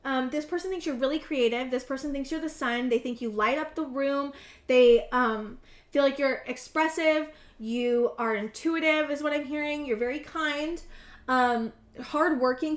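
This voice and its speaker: A woman in her thirties giving a casual tarot reading to camera, earnest and halting, often repeating words. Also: sits high. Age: 30s. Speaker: tarot reader. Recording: roomy echo.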